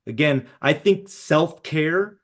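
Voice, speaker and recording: A man's voice: a little high, slow pace. A middle-aged man presenting a live webinar to educators over a video call, talking conversationally and often checking in with "right?".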